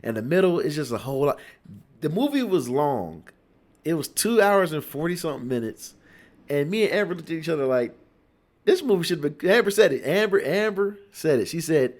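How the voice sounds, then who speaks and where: A man's voice: on the high side, expressive, fairly quick, darkish tone. A young man from Cincinnati reviewing a movie in a casual, rambling way, repeating words and acting out his friends' lines.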